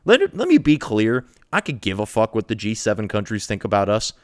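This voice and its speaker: A man's voice: on the low side, huge pitch swings, fairly quick, darkish tone, no room sound, clean studio sound. A man hosting a political commentary show, delivering a profane, mocking, sarcastic rant.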